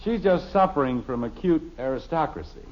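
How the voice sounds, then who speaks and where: A man's voice: a little high, lively intonation, a little fast, close to an everyday voice. An actor playing a wry, dry-witted middle-aged father in 1950s radio sitcom acting, on a dull, hissy old radio recording.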